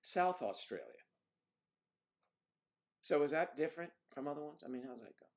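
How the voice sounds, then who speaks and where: A man's voice: on the high side, steady tone, very fast. A man hosting a livestream, chatting casually and rambling as he reads out viewer comments. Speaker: livestream host.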